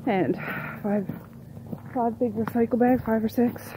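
Chatty woman with a mellow voice. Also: on the high side, fairly even intonation, slow pace, long pauses, breathy edge, low-quality recording. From Nova Scotia, Canada. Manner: chatty, rambling, talks to pets and birds. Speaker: vlogger. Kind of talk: casual day-in-the-life vlog.

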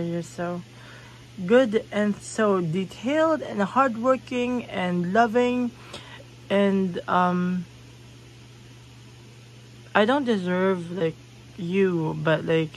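A woman's voice: fairly low pitch, slight background noise, rough recording. A young woman vlogging from her bedroom, rambling casually with lots of giggling and swearing. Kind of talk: casual rambling room tour. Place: own bedroom.

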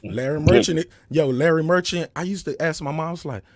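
A man hosting a casual boxing talk show, telling animated stories full of slang and profanity. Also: on the high side, brisk, no room sound. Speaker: host. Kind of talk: casual chat.

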